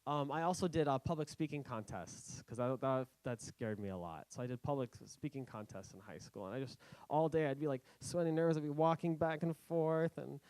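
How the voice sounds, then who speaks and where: A young man giving a casual personal talk, halting and self-correcting with many fillers, acting out his past worries. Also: mid-range voice, smooth, no room sound, poor audio. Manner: animated, acting out his own past thoughts. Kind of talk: casual storytelling speech.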